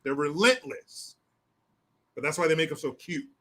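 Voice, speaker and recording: An older man hosting a solo commentary stream, talking in a profane, mocking and animated way. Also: on the high side, moderate pace. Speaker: political commentary host.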